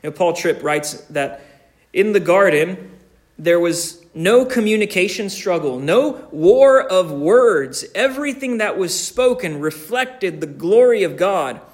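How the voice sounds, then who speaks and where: Slow, deliberate preaching man. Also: high-pitched, animated. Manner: preaching with slow, deliberate emphasis and repeated phrases. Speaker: pastor. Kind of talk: sermon.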